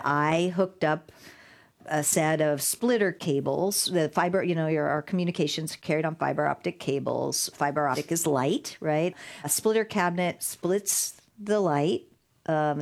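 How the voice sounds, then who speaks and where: A middle-aged woman, a guest in an interview, telling stories in a lively way and acting out the voices of the people she quotes. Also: low-pitched. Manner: animated storyteller, acts out quoted voices. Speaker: guest, digital rights lawyer. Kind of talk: conversational interview storytelling.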